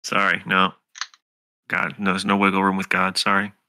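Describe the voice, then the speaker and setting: A woman's voice: very deep voice, completely flat delivery, normal speed, pushed and bright, dry recording. A woman playing a tabletop game who laughs often and cracks dry jokes. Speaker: player. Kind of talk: casual tabletop role-play.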